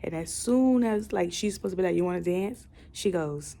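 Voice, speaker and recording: A woman's voice: mid-range voice, lively intonation, moderate pace, vocal fry, warm tone. A young woman casually retelling a novel's plot in a book review video, rambling with fillers and the odd swear word.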